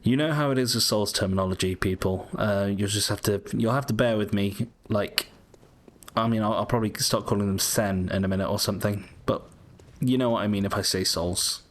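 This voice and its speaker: A British gaming YouTuber with a fairly low voice gives brisk, casual commentary over a video game. He's chatty and rambling, often correcting himself.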